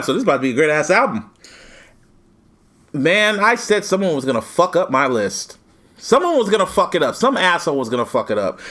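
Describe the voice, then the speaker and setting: Podcast co-host, man, lively pitch, opinionated and casual. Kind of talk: casual chat.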